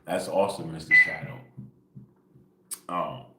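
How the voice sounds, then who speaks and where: A man with a very deep, low voice talks in a relaxed, rambling way on an early-morning livestream. He keeps it quiet and casual, tacking "bro" and "right?" onto nearly every sentence, and the sound bounces around an echoey room. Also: unhurried, heavy background noise. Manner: laid-back, rambling, peppered with "bro" and "right?". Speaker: spiritual livestream host.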